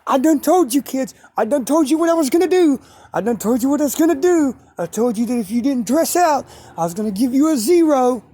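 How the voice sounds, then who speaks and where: A man doing a grumpy yelling gym coach. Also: very high voice, level tone, brisk, few pauses, pitched above the performer's own voice. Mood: scolding. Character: angry grumpy male gym coach, middle-aged.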